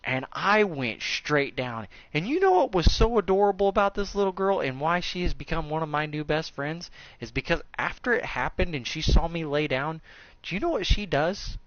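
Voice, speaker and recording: A man in his thirties telling a crude, joking story in casual chat, animated and a bit coarse. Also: on the high side, normal speed, dry recording. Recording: slightly dull recording.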